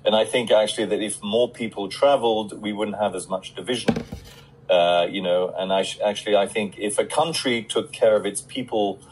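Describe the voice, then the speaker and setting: A man's voice: lowish voice, fairly even intonation, moderate pace, a little mellow, a little hiss or hum, poor audio. A middle-aged man on a casual live stream, reading out fan questions and answering them in a chatty way with many fillers.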